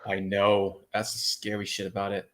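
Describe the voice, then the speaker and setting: A man co-hosting a casual movie commentary podcast, laid-back and profane, quick to laugh along. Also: lowish voice, completely flat delivery, fairly bright tone. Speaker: podcast co-host.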